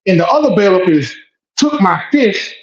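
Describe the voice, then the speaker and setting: A man who is a guest telling an emotional first-person story, animated and blunt, repeating phrases and swearing. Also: high-pitched, normal speed. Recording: echoey dull lo-fi room.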